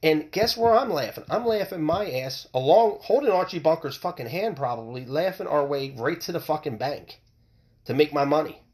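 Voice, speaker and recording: A middle-aged man from the United States rants on his own podcast. His pitch swings widely as he talks. He is heated and profane, and he keeps restarting his sentences. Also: lively intonation, moderate pace, darkish tone. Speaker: podcast host. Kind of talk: opinionated solo podcast rant.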